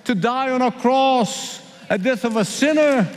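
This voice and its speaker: A man from the Middle East preaching a sermon with impassioned, emphatic repetition, slowing down for weight. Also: very high-pitched, a little hiss or hum. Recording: long hall reverb.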